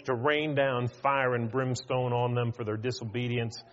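A man preaching a sermon in an earnest, pleading way, asking his listeners questions and slowing down to stress his points. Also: mid-range voice, big-room sound, lo-fi sound. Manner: earnest, pleading, rhetorical questions, slows for emphasis.

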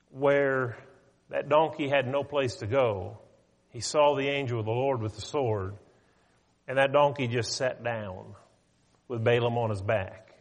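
A man preaching a sermon, retelling a story in a conversational, animated way. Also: medium pitch. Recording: long hall reverb.

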